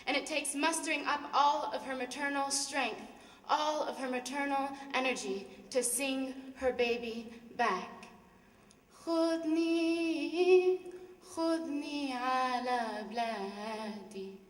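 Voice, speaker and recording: Impassioned young woman poet, bright high voice. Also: steady tone, unhurried. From Palestinian. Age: young adult. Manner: impassioned, rhythmic, rising to shouts. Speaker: spoken word poet. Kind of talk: spoken word performance. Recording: echoey hall, mic far off.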